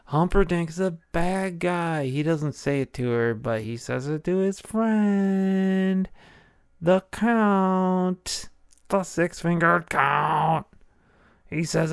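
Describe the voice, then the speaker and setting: A podcast host casually recapping a movie in a playful, jokey way. He talks slowly with a gravelly yet smooth, resonant voice. The sound is dry and close to the mic. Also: on the high side, no echo.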